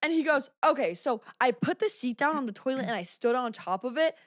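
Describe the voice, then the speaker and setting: A chatty young woman co-hosts a podcast in a somewhat high voice. She chimes in, finishes her friend's stories, and swears freely. The recording is dry, with no room sound. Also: lively intonation, a little fast, dry recording. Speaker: podcast co-host. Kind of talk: casual chat.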